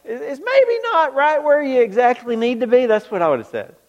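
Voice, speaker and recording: High-voiced preacher in a reverberant hall. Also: male voice, sing-song, fairly quick, highs cut off. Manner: preaching with call-and-response questions to the congregation. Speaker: pastor. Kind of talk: sermon. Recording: long reverb of a large hall.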